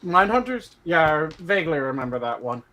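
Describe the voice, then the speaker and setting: A man's voice: on the high side, very animated, a little fast, sharp tone. Man with dry, short remarks. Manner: brief dry remarks and listening murmurs. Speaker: podcast co-host. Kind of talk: casual chat.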